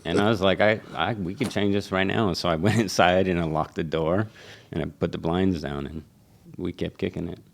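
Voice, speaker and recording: Low gravelly-voiced man telling stories. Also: a little fast. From Seattle. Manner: animated storyteller who acts out quotes, swears freely. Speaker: barber and shop owner, guest. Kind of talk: casual storytelling.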